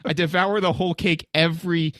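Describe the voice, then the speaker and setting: Man in his thirties, podcast co-host, animated storyteller, slightly high voice, dry close mic. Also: fairly quick, no room sound. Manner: animated, acts out his own reactions. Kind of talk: casual chat.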